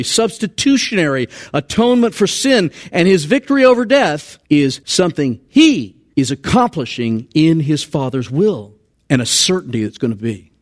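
A man delivering a sermon in a high voice that swings widely in pitch. He preaches in an animated, conversational way, dropping low for emphasis and then rising again.

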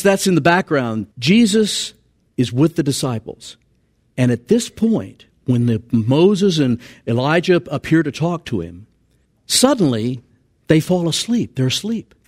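A man preaching a sermon in an animated, conversational way. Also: on the high side, measured pace.

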